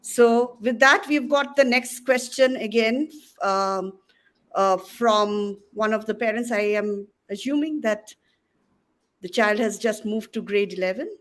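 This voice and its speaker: A woman's voice: medium pitch, measured pace. A woman moderating a school webinar panel, polite and a little hesitant, with frequent fillers. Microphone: video call.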